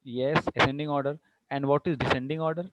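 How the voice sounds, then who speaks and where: Speaking briskly in a steady, mid-range voice against a noisy background, an Indian English-accented man gives an online English vocabulary lesson. He alternates between English and Hindi and checks comprehension with questions.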